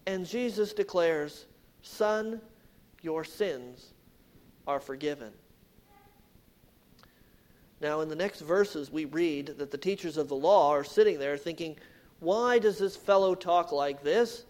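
A man preaching a sermon, dropping to hushed low phrases and then rising loud and emphatic. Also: normal speed. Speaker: pastor.

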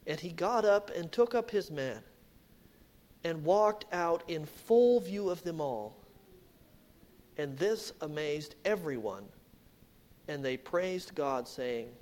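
A man preaching a sermon, dropping to hushed low phrases and then rising loud and emphatic. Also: animated, slow. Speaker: pastor.

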